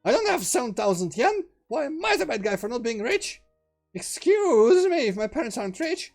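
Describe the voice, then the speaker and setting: A man voicing a feisty, bratty teenage girl who snaps and yells in a high, shrill voice. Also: wildly swooping pitch, moderate pace, soft background music, full character voice. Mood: angry shrill. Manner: shrill, snappy, yelling.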